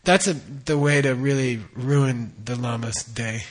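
A middle-aged man teaching Buddhist tradition, explaining terms slowly and often checking in with "okay?". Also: mid-range voice. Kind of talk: dharma teaching.

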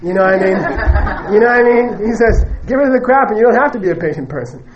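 Man, Buddhist teacher, high voice, conversational lecture, frequent "okay?", joking, muffled lo-fi recording. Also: lively intonation, fast talker, a crowd in the background. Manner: conversational, keeps checking in with "okay?" and "you know"; joking, emphatic asides. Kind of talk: dharma teaching to a live audience.

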